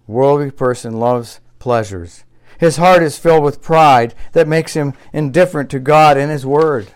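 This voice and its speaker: A male pastor with a fairly high pitch and a clean tone preaches unhurriedly. His sermon repeats key phrases for emphasis and moves from loud, emphatic exclamations to quiet, reflective asides.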